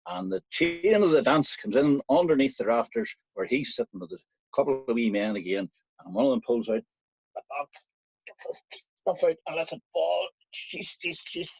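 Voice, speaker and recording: Irish male storyteller, chatty folk-tale telling, lively intonation, dry lo-fi sound. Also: mid-range voice, moderate pace, gravelly, husky, no room sound. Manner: lively, conversational, speaks to listener directly.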